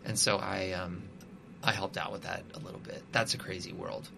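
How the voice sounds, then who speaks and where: Musician guest, male, bright voice, loose rambling talker full of fillers. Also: low voice, little pitch movement, moderate pace, creaky, a little hiss or hum. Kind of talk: casual conversation.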